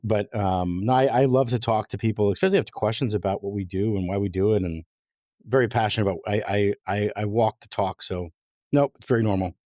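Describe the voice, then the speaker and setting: A man's voice: on the low side, quick pace, mellow, no echo, clean studio sound. A man who founded a company, a guest on a podcast, talking in a passionate, rambling way with many restarts. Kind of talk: casual interview chat.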